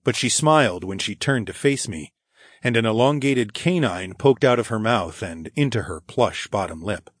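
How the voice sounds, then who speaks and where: A man narrating a romance audiobook in the first person, with a low, intimate delivery and soft sighs. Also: lively intonation, normal speed, no room sound, clean studio sound.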